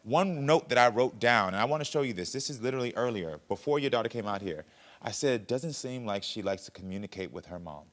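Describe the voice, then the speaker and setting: A man hosting a daytime talk show, calmly probing and coaching the guests. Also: medium pitch, quick pace. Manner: calm, probing questions, coaching tone.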